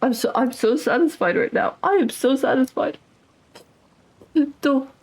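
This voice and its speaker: A young woman streaming a game, gushing and exclaiming excitedly to her chat. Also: sits high, unhurried, breathy edge, rough recording. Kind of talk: casual gameplay livestream. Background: game music.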